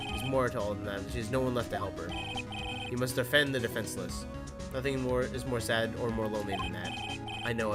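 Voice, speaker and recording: A man doing a casual, jokey fan voice-over of a courtroom game, reading the lawyer and narration in his own voice over game music. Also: lowish voice. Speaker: let's-play voice actor.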